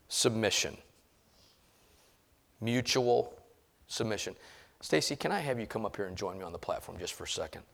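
A middle-aged man preaching a sermon in a church, swinging from quiet talk to loud emphasis and acting out voices. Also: fairly low pitch. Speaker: pastor. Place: church sanctuary.

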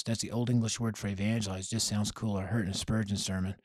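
Energetic storytelling man, dry sound. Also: on the low side, fast, few pauses, slightly rough, dry recording. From Denver, United States. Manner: energetic, acts out quoted voices, punchy. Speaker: podcast guest, youth ministry leader. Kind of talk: animated storytelling interview.

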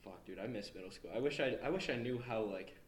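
A young man casually telling school stories, laid-back and quick to laugh, with frequent swearing. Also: on the low side, roomy sound, slight background noise, poor audio. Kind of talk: casual storytelling chat.

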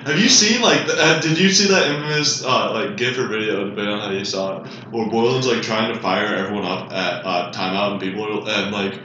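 A man co-hosting a podcast, chatting casually about basketball with rambling, animated storytelling. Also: fairly low pitch, brisk, few pauses, slight background noise. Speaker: podcast co-host. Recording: echoey, dull room sound.

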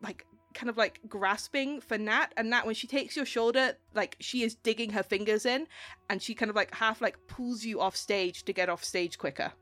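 A woman narrating a tabletop game as game master, chatty, with many fillers and quick laughs. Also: fairly high pitch, fairly bright tone, no room sound, faint music behind.

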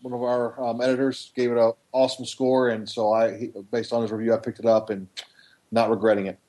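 A man's voice: medium pitch, flat delivery, brisk, dark tone. A man chatting on a gaming podcast, easygoing and enthusiastic about games. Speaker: podcast co-host. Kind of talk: casual gaming podcast chat.

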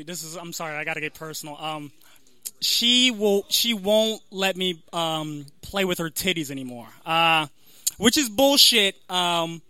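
A young adult man doing a stand-up comedy set, halting and self-deprecating with lots of fillers. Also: high voice, bright, forceful tone, clean tone, no room sound. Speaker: stand-up comic.

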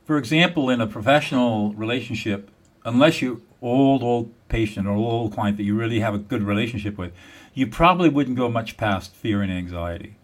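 A man's voice: mid-range voice, brisk. Emphatic man explaining a method. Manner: emphatic, repeats words, teaching step by step. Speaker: guest, mediator. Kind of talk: explanatory interview talk.

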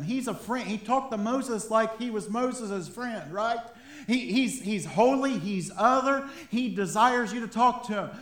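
A man with a high voice preaches a sermon in a conversational way, often chuckling between points. The sound of the church room rings around him. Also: fairly bright tone, roomy sound. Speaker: pastor.

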